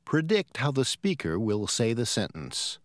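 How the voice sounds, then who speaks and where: Slow, measured male announcer. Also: medium pitch, huge pitch swings, no room sound, clean studio sound. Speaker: course audio announcer. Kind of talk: scripted instructions.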